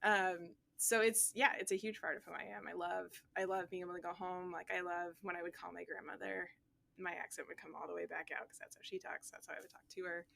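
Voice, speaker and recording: Bright-toned Nova Scotian woman, thoughtful. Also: on the low side, little pitch movement, a little fast, gravelly. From South Shore of Nova Scotia, Canada. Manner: thoughtful, candid, with frequent "um". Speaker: physics teacher, interviewee. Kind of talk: reflective interview answer.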